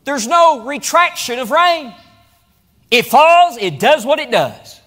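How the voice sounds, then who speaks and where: A man with a high voice preaches from the pulpit, his delivery rising and swelling through repeated phrases. He preaches in a church hall. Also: big pitch swings, slow, pushed and bright. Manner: preaching with rising emphatic repetition. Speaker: pastor. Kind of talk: sermon. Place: church auditorium.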